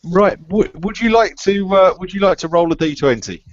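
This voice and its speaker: A man's voice: high voice, moderate pace. A man running an online tabletop game as game master, often stumbling and repeating his words and laughing. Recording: dull lo-fi online call audio.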